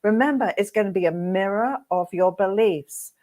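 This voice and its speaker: A middle-aged woman with a mid-range voice hosts a webinar for hairdressers, speaking at a normal pace. She tells stories in a lively, animated way, acting out her own reactions as she goes.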